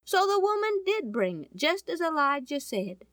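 A woman telling a Bible story in a folksy, animated way, often asking her listeners questions. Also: high voice, normal speed, dry recording. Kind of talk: storytelling to an audience.

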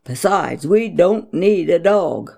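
A firm father, put on by a woman reading a storybook, booms his refusals slowly. The voice is animated and gravelly. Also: heavily acted. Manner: firm, booming.

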